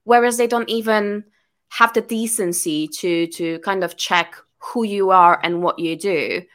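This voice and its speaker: A woman's voice: mid-range voice, fairly even intonation, unhurried, fairly bright tone. A woman chatting on a podcast as a guest business coach, telling stories animatedly and laughing often. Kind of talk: casual podcast chat.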